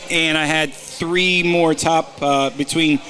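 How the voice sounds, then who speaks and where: A man's voice: on the high side, steady tone, slow pace, sharp tone, a little hiss or hum. A man co-hosting a golf podcast in casual chat, giving betting picks and teasing his partner with stop-start banter.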